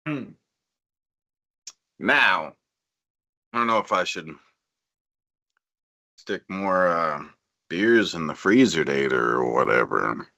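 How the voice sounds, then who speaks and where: A man's voice: sits low, very animated, very slow, long pauses, pushed and bright, no room sound. A man rambling on a livestream, drowsy and meandering, trailing off while drinking beer. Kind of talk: rambling stream chat.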